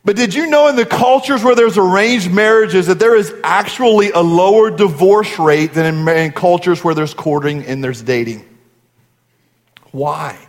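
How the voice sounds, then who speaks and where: A man's voice: high voice, moderate pace. A man in his forties, a pastor giving a sermon in an earnest, conversational storytelling way. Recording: long hall reverb.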